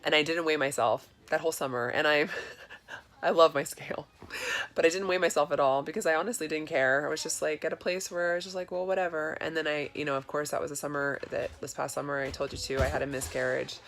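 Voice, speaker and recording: Chatty woman with a creaky voice. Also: deep voice, fairly even intonation, fast, fairly bright tone. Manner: chatty, confessional, lots of fillers. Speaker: vlogger. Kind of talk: casual personal vlog. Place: home in Florida.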